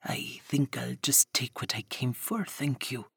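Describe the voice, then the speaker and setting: A woman voicing a sly, menacing man who has come to collect on a bargain, speaking low and hushed with a drawl. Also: lively intonation, measured pace, creaky, husky, no room sound, in a whisper, clean studio sound, heavily acted.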